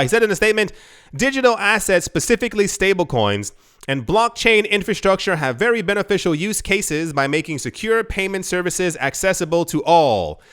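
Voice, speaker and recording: A man hosting his own channel with casual news commentary. He is excitable and sarcastic and says "like" a lot. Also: high-pitched, clear, resonant tone. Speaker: show host.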